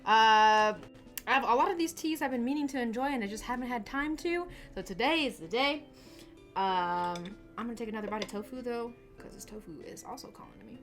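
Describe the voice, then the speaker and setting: Music runs in the background as a woman with a fairly high, brisk voice hosts a casual livestream. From her small home studio she rambles, restarting often and laughing, into a desk camera mic.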